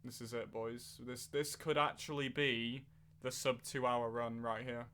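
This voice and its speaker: A man's voice: medium pitch, flat delivery, measured pace, a bit bright, clear, resonant tone. A man streaming a racing game, chatting casually and answering his viewers as he plays. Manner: chatty, replies to chat while racing. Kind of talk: live-stream gameplay chat. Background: game music.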